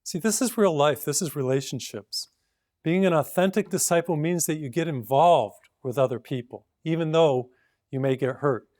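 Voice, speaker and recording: A male priest giving a short homily in an earnest, storytelling way, gently urging his listeners. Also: fairly high pitch, normal speed, no room sound, clean studio sound.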